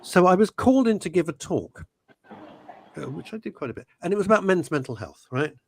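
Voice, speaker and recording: A man's voice: high-pitched, sing-song, fairly quick, husky. A man hosting a radio talk show, speaking passionately and emotionally, rambling with many restarts. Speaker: host.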